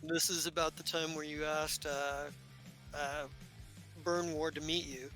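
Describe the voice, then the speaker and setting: A man running a tabletop game as game master, unhurried and full of fillers and restarts. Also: on the high side, flat delivery, sharp tone, soft background music, poor audio.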